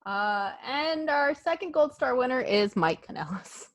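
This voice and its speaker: A woman co-hosting a casual wrestling podcast. She speaks slowly, with a bright and lively pitch that swings widely. She keeps laughing and acts out other people's lines in jokey voices, on a dry, close mic. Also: dry recording. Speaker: podcast co-host.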